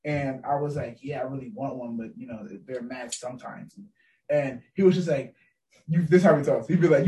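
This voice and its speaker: Young male co-host, high voice, fast, slangy storyteller, distant mic. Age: young adult. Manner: animated storyteller, slangy, laughs often. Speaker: podcast co-host. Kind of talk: casual chat.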